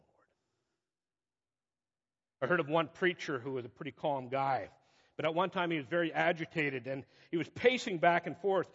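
A middle-aged man preaching a sermon as pastor, rising to emphatic cries and dropping to quiet asides. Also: on the high side. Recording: muffled audio with long hall reverb.

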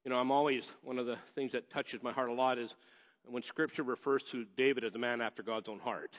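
A man's voice: mid-range voice, fairly even intonation, brisk. A man preaching a sermon in a conversational way that builds to emphatic stretches. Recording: echoey hall, dull lo-fi sound.

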